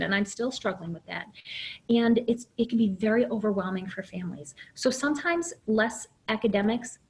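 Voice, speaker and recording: A woman's voice: a little high, a little mellow, low-quality recording. A middle-aged woman giving a webinar presentation as an early childhood program director, speaking candidly and using herself as an example, with plenty of "um"s. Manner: candid, uses herself as example, many fillers.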